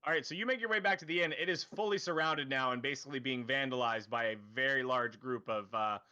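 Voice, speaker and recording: Bright-voiced man running a tabletop game. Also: medium pitch, fast talker, muffled recording. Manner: rambling, self-correcting, laughs often. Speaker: dungeon master.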